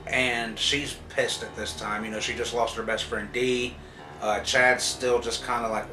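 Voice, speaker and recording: A man's voice: mid-range voice, level tone, a little slow. Man giving a loose, cussing episode recap. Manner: loose, profane storytelling with lots of "like" and "uh". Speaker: TV episode reviewer. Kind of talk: casual spoiler recap. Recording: roomy echo, distant mic, faint music.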